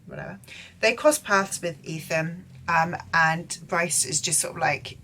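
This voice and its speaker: A woman's voice: fairly low pitch, unhurried, pushed and bright, slight background noise. A young woman giving a casual, gushing book recap, full of filler words. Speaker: book vlogger.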